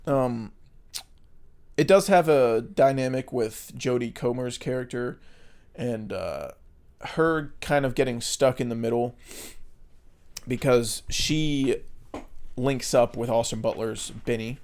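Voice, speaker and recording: An American man co-hosting a movie podcast in loose, casual chat. His voice sits at an ordinary middle pitch and he rambles, filling gaps with ums and likes and swearing now and then. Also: slow, long pauses, darkish tone. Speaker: podcast co-host.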